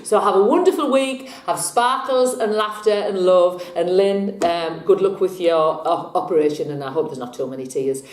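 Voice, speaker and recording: A woman's voice: fairly low pitch, normal speed, few pauses, reverberant. A woman hosting a tarot vlog, chatting casually, telling a joke and laughing often, sometimes breaking into song.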